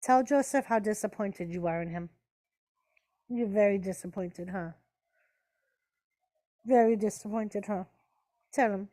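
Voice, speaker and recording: Hosting a laid-back watch-party stream, this woman chats with her audience, responds to chat, narrates the action and speaks to her pets. She has a dark-toned, medium-pitched voice, unhurried and broken by long pauses.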